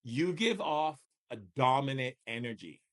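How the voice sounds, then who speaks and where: Man, shamanic teacher, live coaching session, emphatic, repeats himself, rhetorical questions, mid pitch. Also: measured pace. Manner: emphatic, repetitive rhetorical questions, lively swings in delivery.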